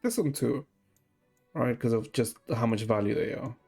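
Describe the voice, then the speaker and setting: A chatty male streamer talks casually through a gaming session in a mid-pitched voice, answering his chat as he plays. Quiet music runs underneath him. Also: moderate pace, gravelly, husky. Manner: chatty, reacts to chat while playing.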